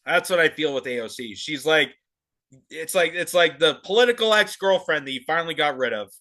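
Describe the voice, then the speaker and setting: Guy with a high bright voice ranting sarcastic about politics. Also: expressive, fairly quick. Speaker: political commentary host. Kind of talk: opinionated commentary.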